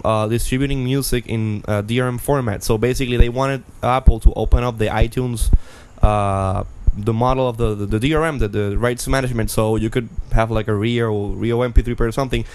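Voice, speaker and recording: Male co-host, casual chat, animated delivery, frequent restarts. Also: medium pitch, normal speed, few pauses, clear, resonant tone. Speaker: podcast co-host.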